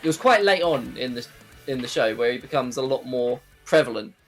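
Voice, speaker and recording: Male co-host, enthusiastic, very lively pitch. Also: a little fast, soft background music. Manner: enthusiastic, laughs often. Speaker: podcast co-host. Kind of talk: casual chat.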